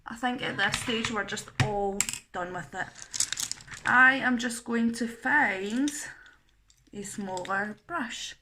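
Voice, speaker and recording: A woman's voice: mid-range voice, slow, noisy background. A young woman talking through a makeup tutorial in a chatty, self-deprecating way. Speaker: makeup artist.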